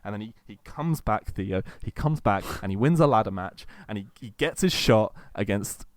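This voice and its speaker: A man's voice: fairly low pitch, animated, moderate pace, no room sound, studio quality. A man cohosting a casual podcast chat, eagerly retelling a long story and acting out quotes between many fillers.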